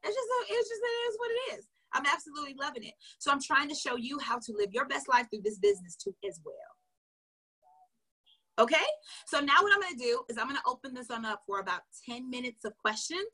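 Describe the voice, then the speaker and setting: High, bright, husky-voiced woman coach. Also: a little fast, poor audio. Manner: energetic, talks straight to viewers; casual and chatty, says y'all. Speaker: sales coach. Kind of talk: live sales training. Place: at home. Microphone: livestream on a video call platform.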